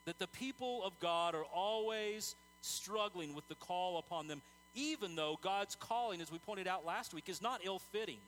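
Earnest man preaching a sermon, slightly high voice. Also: moderate pace, fairly bright tone, soft background music, poor audio. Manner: conversational, earnest, tells stories, many fillers and restarts.

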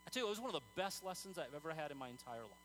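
Man, sermon, earnest, conversational storytelling, fairly high voice, faint hum. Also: very animated, racing, fairly bright tone, poor audio. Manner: conversational, earnest, tells stories, many fillers and restarts. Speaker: preacher.

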